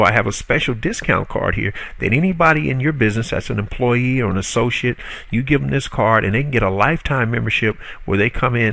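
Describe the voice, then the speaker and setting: A man's voice: mid-range voice, gravelly, a bit bright, no room sound. A man teaching a marketing tutorial in a folksy, salesy way, acting out example dialogues with customers. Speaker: marketing instructor. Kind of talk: screen-recorded marketing tutorial.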